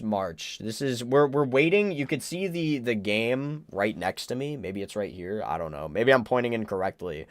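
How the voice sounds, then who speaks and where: Animated young man streaming, casual and blunt. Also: on the low side, no echo. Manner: rambling, stammering, blunt and joking. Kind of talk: casual livestream chat.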